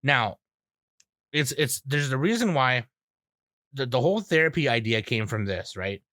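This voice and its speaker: A man's voice: medium pitch, lively intonation, moderate pace, a bit bright, no echo, studio quality. A man hosting a podcast, bantering casually with crude jokes and rambling through stories. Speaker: podcast host.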